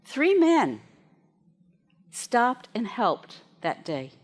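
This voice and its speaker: A woman minister giving a sermon to her congregation. She tells stories in a chatty, lively way and laughs as she goes. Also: a little high, drawn-out words.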